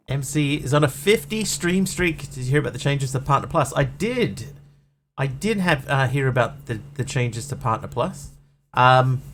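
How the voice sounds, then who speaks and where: A man talks his way through a game on a live stream, wandering off topic and poking fun at himself. His voice sits at a middle pitch, neither high nor low. A faint hum runs beneath the recording. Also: a bit bright. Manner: chatty, rambling, self-mocking. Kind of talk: casual live-stream chat while gaming.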